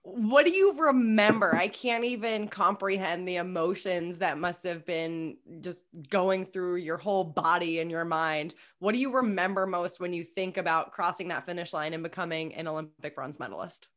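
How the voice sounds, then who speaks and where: A woman's voice: on the low side, normal speed, hardly any pauses, a bit bright. A woman hosting a casual interview show, asking questions in an eager, effusive way. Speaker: podcast host.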